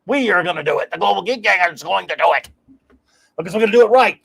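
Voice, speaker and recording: A man hosting a casual livestream, talking in an enthusiastic, rambling way and giving effusive shout-outs. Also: high-pitched, expressive, quick pace, vocal fry, breathy edge. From United States. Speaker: host.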